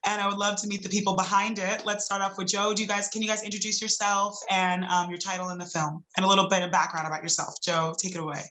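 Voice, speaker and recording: Festival interviewer, woman, bright and forceful voice, friendly and chatty. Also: medium pitch, flat delivery, fast talker, hardly any pauses, slight background noise, rough recording. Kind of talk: casual interview hosting.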